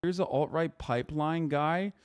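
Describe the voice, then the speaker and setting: A man's voice: fairly high pitch, normal speed, clean tone. A man hosting a live stream, reacting to news in a profane, ranting, incredulous way. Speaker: political streamer host. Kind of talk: casual live-stream commentary.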